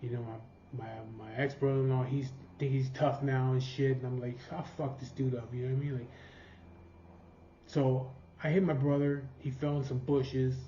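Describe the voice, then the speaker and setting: A man's voice: medium pitch, level tone, moderate pace, dark tone. A man telling a personal story in a blunt, profane, casual way, acting out what each person said. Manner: blunt, profane, voices the people he quotes. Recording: dull, slightly noisy recording.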